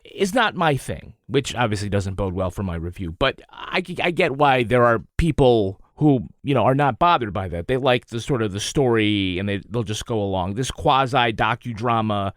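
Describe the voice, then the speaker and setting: Male podcast co-host, expressive swooping pitch, frank opinions, dry close mic. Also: no echo. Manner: opinionated, hedging with "you know". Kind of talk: casual review chat.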